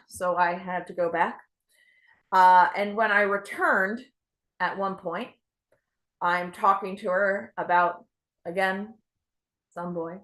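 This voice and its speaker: A young woman performs stand-up with a bright, crisp tone. She jokes dryly at her own expense in a deadpan way. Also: a little high. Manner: self-deprecating, deadpan delivery. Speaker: stand-up comedian. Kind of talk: stand-up set.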